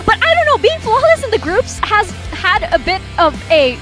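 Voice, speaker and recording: A woman's voice: very high voice, very animated, moderate pace, over music. A woman hosting a live esports broadcast desk, chatty and teasing with her co-hosts.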